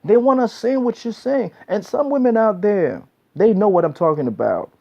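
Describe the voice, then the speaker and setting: A man's voice: high voice, expressive, moderate pace, vocal fry, mellow. Blunt, preachy man giving advice. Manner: blunt, preachy, repeats himself, says "man" a lot. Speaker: relationship advice vlogger. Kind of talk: casual monologue giving advice. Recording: dull lo-fi recording.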